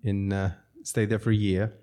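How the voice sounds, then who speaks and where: South african-raised guy, lowish voice, rambles on and chuckles a lot, restaurant owner telling stories. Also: flat delivery, moderate pace, mellow. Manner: rambling, chuckles often, self-interrupting. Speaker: restaurateur guest. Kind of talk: casual storytelling.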